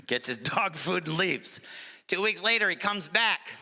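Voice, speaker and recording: Animated middle-aged male stand-up comic. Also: sits high, unhurried. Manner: animated, jumps into character voices. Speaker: stand-up comedian. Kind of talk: live stand-up comedy. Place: comedy stage before an audience. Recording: live venue with long reverb.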